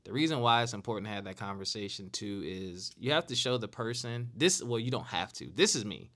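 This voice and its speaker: A man's voice: on the low side, animated, brisk, pushed and bright. A man in his late thirties hosting a casual solo talk show, earnest and repeating phrases for emphasis. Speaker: podcast host.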